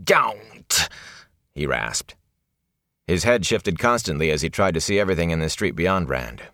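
A man narrating a fantasy story in an expressive, dramatic reading. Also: deep voice, quick pace, no room sound, studio quality. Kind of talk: scripted audiobook narration.

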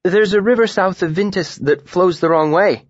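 A hesitant young male student, as a reader puts him on, a bit higher than plain narration and unsure of himself. The recording is dry and dull. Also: moderate pace, no echo.

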